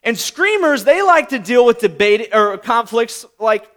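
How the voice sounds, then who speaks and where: A man's voice: extremely high pitch, sing-song, a little slow, hardly any pauses, a bit bright. A man preaching a sermon in a chatty, conversational way. He keeps tagging on "right?" and acts out short bits of dialogue. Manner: conversational, acts out little voices, frequent "right?".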